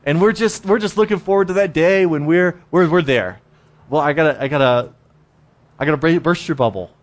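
A man's voice: on the high side, a little fast. Conversational man preaching a casual sermon. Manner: conversational, repeats words, acts out inner voices.

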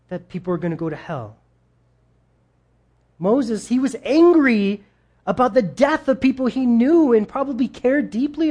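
Speaking to his audience in a relaxed, conversational sermon, this pastor voices quoted characters with dramatic leaps in pitch. His tone is a little mellow.

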